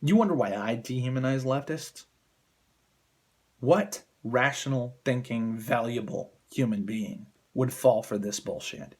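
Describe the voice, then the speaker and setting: A man holds forth in an angry political rant at a mid-range pitch. He swears freely and sounds heated and contemptuous, piling up insults as he goes. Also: measured pace, breathy edge. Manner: profane, heated, contemptuous ranting. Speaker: political commentator.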